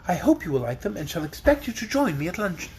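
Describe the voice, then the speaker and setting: A man's voice: high-pitched, sing-song, fast, darkish tone, a little hiss or hum. Male reader as a regal girl ruler: formal, gracious, firm. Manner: stately, formal.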